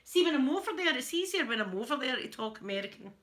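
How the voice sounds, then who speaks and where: A Scottish woman with a Glaswegian accent, chatting casually to her viewers. She tells funny stories, laughs a lot, and her throat is a little hoarse. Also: sits high, big pitch swings, fast talker, a bit bright. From Scotland. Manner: chatty storyteller, laughs often, mimics voices. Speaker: ASMR channel host.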